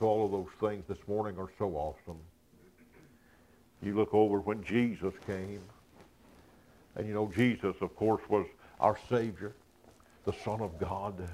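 A man delivers a sermon in a low voice. His pitch and volume rise sharply when he drives a point home, then drop back to quiet, confiding asides. He chuckles lightly between his points. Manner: swells from quiet asides to loud, high-pitched emphasis. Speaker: preacher.

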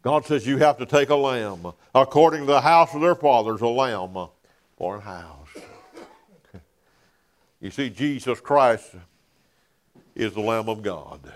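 A man preaching a sermon in a church, filling pauses with "uh" and dropping to a near whisper on key words. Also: medium pitch. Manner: preaching with frequent "uh" fillers, dropping to hushed emphasis.

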